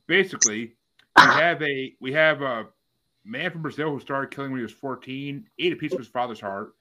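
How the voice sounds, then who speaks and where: Bright-voiced male podcast host. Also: medium pitch, normal speed, a little hiss or hum, low-quality recording. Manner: reads out facts, then polls each co-host. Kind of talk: casual group podcast chat.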